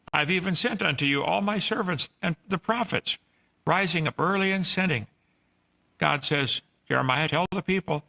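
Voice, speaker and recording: Gravelly, bright-voiced male preacher. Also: on the high side. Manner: earnest, pleading, scolding the listeners. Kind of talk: sermon on scripture. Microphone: played clip from archive.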